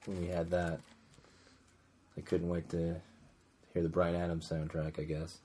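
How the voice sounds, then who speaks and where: Easygoing male host, very low voice, light hiss behind. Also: monotone, unhurried, mellow. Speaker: podcast host. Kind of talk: casual chat.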